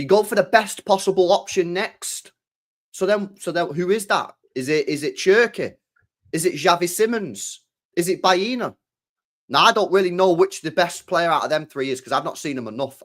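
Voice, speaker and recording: A man from England, talking football on a podcast in a casual, animated way that is full of swearing. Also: high voice. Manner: animated, swears a lot, acts out quoted voices. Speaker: podcast co-host.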